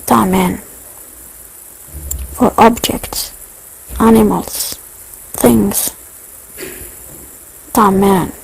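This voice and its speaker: A woman teaching a beginner language lesson, speaking slowly and carefully and repeating each point. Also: fairly high pitch, creaky, darkish tone, slight background noise, rough recording. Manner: slow, repetitive, careful enunciation.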